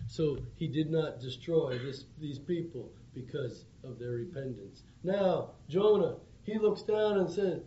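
A man's voice: fairly high pitch, unhurried, few pauses, warm tone. A man preaching an evangelistic sermon, with earnest, pleading appeals. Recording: dull lo-fi recording with faint background hum.

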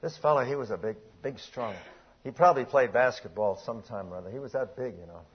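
An older man preaching a sermon, reading old-style scripture aloud and swinging between hushed, drawn-out lines and emphatic, raised passages, often clearing his throat. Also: mid-range voice. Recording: dull lo-fi recording.

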